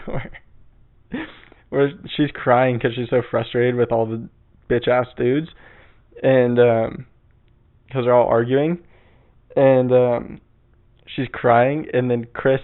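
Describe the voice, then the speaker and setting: Rambling, profane young man on a tinny line. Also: medium pitch. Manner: rambling, profane, laughs at himself. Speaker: podcast host. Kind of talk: casual solo podcast rambling. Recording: tinny phone-like sound.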